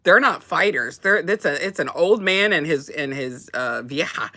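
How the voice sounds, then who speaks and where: A woman's voice: sits low, expressive, normal speed, sharp tone. A woman chatting casually as a co-host, rambling with many restarts and laughs. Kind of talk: casual chat.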